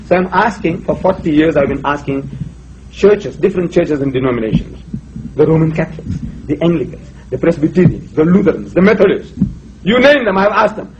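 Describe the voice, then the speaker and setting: A man's voice: a little high, lively intonation, a little fast, noisy background. Older man, emphatic lecturer. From South Africa. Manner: emphatic, rhetorical, quotes scripture. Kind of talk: public lecture on religion. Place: university lecture hall. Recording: dull lo-fi lecture recording.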